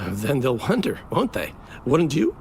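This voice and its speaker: A man's voice: medium pitch, wildly swooping pitch, slow pace, a little hiss or hum, full character voice. A man playing a sardonic, theatrical groom. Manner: melodramatic, sardonic, swinging between drawls and outbursts. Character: flamboyant, bitter groom on wedding day. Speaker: actor in a stage play. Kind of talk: theatrical stage acting.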